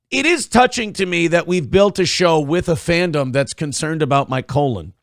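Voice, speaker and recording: A man's voice: on the high side, expressive, normal speed, hardly any pauses, dry recording, studio quality. A man hosting a morning live stream, rambling and joking crudely while reacting to clips and viewer tips. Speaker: morning show host. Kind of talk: casual live-stream commentary.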